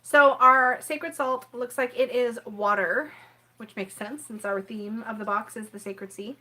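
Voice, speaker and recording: Woman, tarot reader, easygoing live-stream chat, a touch high in pitch, scattered and self-apologizing. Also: a little slow, pushed and bright. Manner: rambling and apologetic, keeps clearing her throat; chats with viewers in the live chat.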